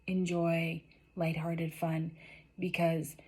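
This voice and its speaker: Low and darkish, this woman's voice barely shifts in pitch as she moves slowly through a general tarot reading for her audience. She is sincere and uplifting but emotional, tearing up and losing her voice.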